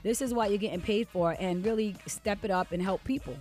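A woman's voice: medium pitch, a little fast, darkish tone, soft background music. A woman co-hosting a radio show, earnestly calling out community programs in a conversational monologue.

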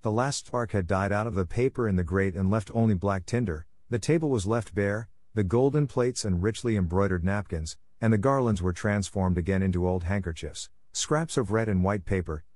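Man reading a classic novel aloud, lowish voice, dry close sound, steady pace. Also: dry recording. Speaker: narrator. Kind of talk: audiobook narration of a classic novel.

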